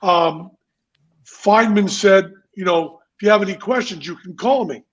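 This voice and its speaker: A man's voice: sits high, a little slow, a bit bright, highs cut off. A man telling stories as a podcast guest in a casual chat, emphatic, theatrical and sometimes profane.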